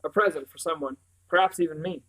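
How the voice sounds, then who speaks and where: Stern, cryptic old great-uncle, read by a man, cool and measured, storybook. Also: fairly high pitch, sharp tone, low-quality recording. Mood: grave.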